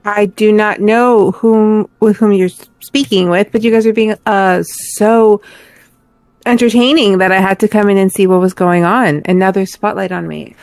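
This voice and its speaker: A woman playing a tabletop game, speaking in character in a gracious, flattering way. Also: medium pitch, moderate pace, no room sound, faint music behind. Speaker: player. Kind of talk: in-character roleplay.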